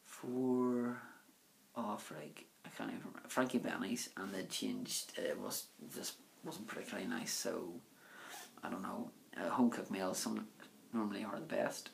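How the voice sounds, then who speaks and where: A man with a low, heavily gravelly voice answers viewer questions in a relaxed vlog. He rambles along with plenty of "um" and "you know", and a faint hiss sits under the recording. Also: measured pace. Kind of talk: casual Q&A monologue.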